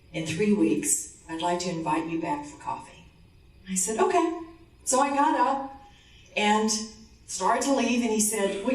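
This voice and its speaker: A woman giving a motivational conference talk. She tells a story and acts out the dialogue, dropping her voice low for the man. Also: darkish tone. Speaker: conference speaker. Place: conference hall. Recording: roomy hall, distant mic.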